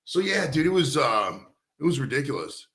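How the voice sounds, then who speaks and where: A man's voice: mid-range voice, sing-song, moderate pace, a bit bright. Rambling, cursing man in an echoey room. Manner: rambling, swears a lot, calls everyone dude. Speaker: host. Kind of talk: casual stoned chat. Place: studio.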